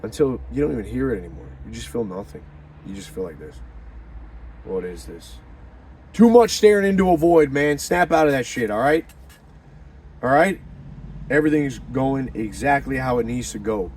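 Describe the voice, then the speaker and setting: Guy hyping himself up about faith, cursing a lot, gets loud then drops real low, faint hum in the background. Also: moderate pace. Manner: swings from fired-up shouting to hushed low murmurs; profane and slangy. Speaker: motivational talker. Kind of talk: animated religious pep talk.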